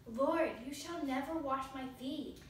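High-voiced woman as earnest, devoted Peter; faint, far off in an echoey hall. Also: unhurried, a little hiss or hum. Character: Peter, eager devoted male disciple. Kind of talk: school skit acting. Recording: echoey hall, distant mic.

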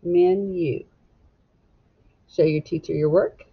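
A woman teaching young children a phonics lesson, sounding out syllables and letters slowly and gently. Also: fairly low pitch, fairly even intonation, breathy edge. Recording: dull lo-fi sound.

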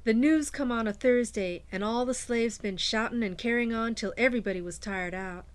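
A woman's voice: a little high, moderate pace, clear, resonant tone. A woman giving a dramatic first-person reading of a former slave's account, in folksy rural dialect.

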